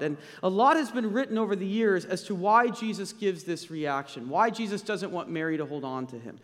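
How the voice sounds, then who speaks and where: A male pastor preaching a sermon, emphatic and slowing down to stress key points. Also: high voice, lively intonation, big-room sound.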